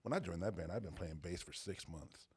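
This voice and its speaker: A man, the band's bass player, speaking in a calm, measured way during a casual podcast chat. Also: breathy edge.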